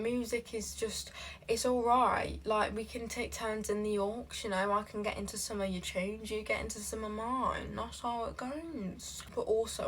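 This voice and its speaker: A woman's voice: medium pitch, a bit bright. Young woman, casual reaction-vlog host, brash and profane, faint noise underneath. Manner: brash, profane and sassy, with fast bursts. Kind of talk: casual chat reading posts aloud.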